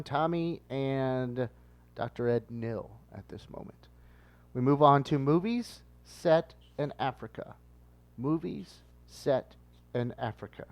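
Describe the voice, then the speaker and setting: A man hosting a relaxed podcast movie game in a mid-pitched everyday voice. He reads out the scores, calls on each player by name, and keeps the banter moving.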